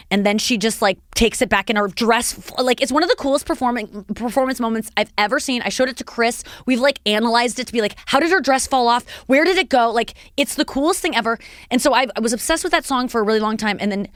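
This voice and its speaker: Podcast host lady, chatty, does little voices when quoting people, dry mic. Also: dry recording. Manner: animated storytelling, acts out quotes in a high voice. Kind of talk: casual chat.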